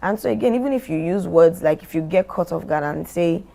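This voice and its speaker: A middle-aged woman from Nigeria, a former company chief, speaking deliberately as a guest in a podcast interview. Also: on the low side, animated, creaky, dark tone. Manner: measured, deliberate, role-plays what she would say.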